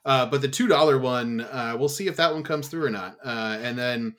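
A man hosting a casual podcast chat, relaxed and loose, swearing freely and leaning on lots of "uh" fillers. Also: mid-range voice, moderate pace. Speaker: podcast host.

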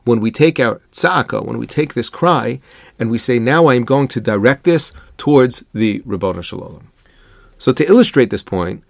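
A man delivers a Torah lesson in a slightly gravelly, mid-pitched voice. He speaks earnestly and thoughtfully, moving easily between English and Hebrew terms. The recording is dry and close, with no room sound. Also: dry recording. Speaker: rabbi giving a Torah lesson. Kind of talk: Torah lecture, explanatory.

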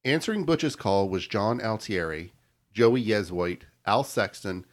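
A man's voice: on the low side, lively intonation, a little slow. A man co-hosting a podcast, steadily reading out a crime story in casual chat and stumbling over hard names. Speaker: podcast co-host telling the story.

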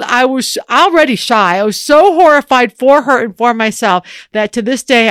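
A woman's voice: fairly high pitch, fairly bright tone, clear, resonant tone, no room sound, clean studio sound. A woman co-hosting an advice podcast, chatting casually with lots of laughter and fillers. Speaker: podcast co-host.

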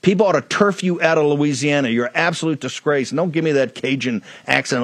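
A man's voice: on the high side, a little fast, fairly bright tone, dry recording. A man hosting a political talk show, delivering a blunt, fiery, emphatic monologue.

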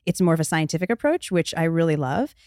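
A woman's voice: deep voice, very animated, fast talker, a little mellow, no room sound, clean studio sound. A woman who is a singer and vocal coach, chatting in an interview with frequent laughs and a slightly stuffed-up voice. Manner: chatty, laughs often, explains with analogies. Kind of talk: casual interview chat.

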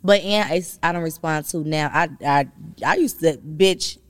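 A woman with a lowish voice talks in a relaxed, frank way, swearing casually. The sound is close and dry, with no room around it. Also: moderate pace, smooth, dry recording. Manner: laid-back, frank, swears casually, mocks in quoted retorts. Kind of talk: casual chat.

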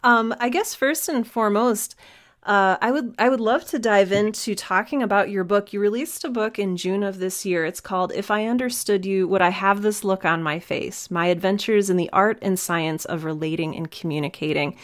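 A woman's voice: medium pitch, normal speed. Female host, eager and friendly, introduces the guest and asks questions. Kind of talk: interview hosting.

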